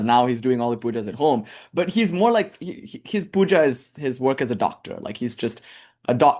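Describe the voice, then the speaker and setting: Brief: young male spiritual teacher, loose lecture style with jokes and tangents, mid-pitched. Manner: casual and animated, with tangents and jokes. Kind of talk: casual lecture on scripture.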